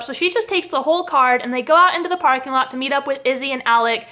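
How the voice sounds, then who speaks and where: A young woman with a high, bright voice recaps a TV episode. She talks casually and sarcastically. She often breaks into laughter mid-sentence. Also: quick pace. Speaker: TV episode reviewer.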